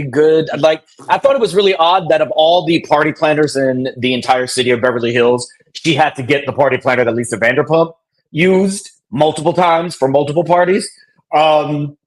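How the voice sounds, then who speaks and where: A man's voice: on the high side, low-quality recording. A man co-hosting a live reality TV review, chatting frankly and laughing often. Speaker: podcast co-host. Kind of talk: casual reality TV recap chat.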